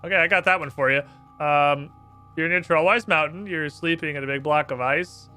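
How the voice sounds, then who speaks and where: Man streamer, crude and chatty, bright tone, slightly high voice. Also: steady tone, normal speed, clean tone, soft background music. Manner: brash and profane, thinking aloud. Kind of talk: live gameplay commentary.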